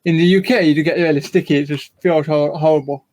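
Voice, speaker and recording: A man from the United Kingdom speaks in a halting way, often repeating words and laughing softly. His voice sits fairly high, with faint background noise and clicks. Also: steady tone. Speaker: podcast co-host. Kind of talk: casual group chat.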